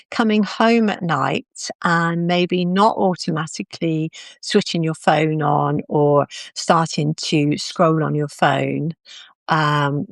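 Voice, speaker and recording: Low, gravelly woman speaking. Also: no room sound. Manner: calm, practical, explaining step by step. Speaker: confidence speaker. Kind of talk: live video talk.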